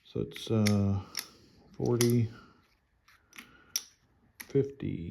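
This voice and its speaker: Slow, gravelly man thinking aloud. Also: lowish voice, background noise. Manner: unhurried, thinking aloud, counting units and money. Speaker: board game player narrating his turn. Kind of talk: casual solo board game playthrough. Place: home, at a table with the game board.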